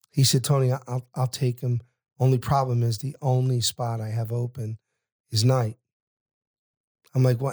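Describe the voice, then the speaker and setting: A middle-aged man, a guest on a podcast, tells an emotional story. He talks in halting bursts and keeps repeating his words, and his voice sinks low and soft at the painful moments.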